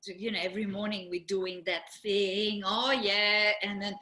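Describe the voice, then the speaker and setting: A middle-aged woman co-hosting a casual chat, telling a lively story, laughing often and acting out what people said. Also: mid-range voice, normal speed, reverberant. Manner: animated storyteller, laughs often, acts out quotes. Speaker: co-host.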